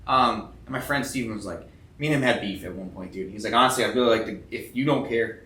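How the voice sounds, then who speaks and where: A man's voice: lowish voice, fast talker, sharp tone, distant mic, slight background noise. A young man telling a long story in casual chat, rambling and swearing a lot, acting out what people said. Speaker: tattoo artist guest. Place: tattoo convention. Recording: roomy sound, a bit off-mic.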